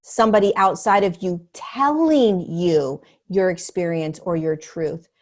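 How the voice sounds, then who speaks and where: Earnest animated woman guest. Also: on the low side, a little slow. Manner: earnest, animated, acts out quoted voices. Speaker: podcast guest, spiritual teacher. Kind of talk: conversational interview.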